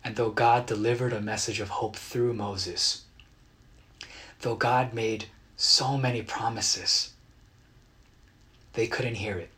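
A man preaching a sermon as a pastor, earnest and dramatic, acting out quotes with bursts of loud emotion. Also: on the low side, fairly even intonation, slow pace, pauses often. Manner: earnest, dramatic retellings with sudden loud outbursts.

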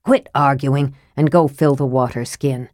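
A woman's voice: steady tone, unhurried, dry recording, studio quality. Raistlin, a woman doing a cold scornful mage. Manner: cold, scathing, soft and low. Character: cold, sickly young male mage, scornful.

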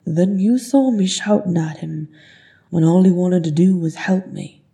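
A woman's voice: fairly low pitch, unhurried, creaky, dark tone. A woman voicing a grieving male dwarf thief who speaks in a bitter, choked-up way, for an audiobook. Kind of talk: audiobook character voice.

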